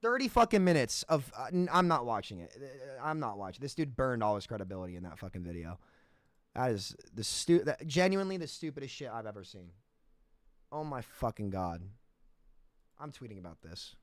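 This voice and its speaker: A man's voice: mid-range voice, big pitch swings, fairly quick, dry recording, clean studio sound. A man streaming a game, ranting in heated, profane bursts and repeating himself as he talks. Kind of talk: livestream rant between matches.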